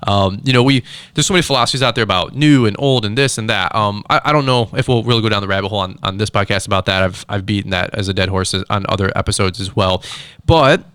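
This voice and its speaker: Fast-talking male podcast host. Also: lowish voice, smooth, no room sound. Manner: animated, quick, self-deprecating. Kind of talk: casual interview chat.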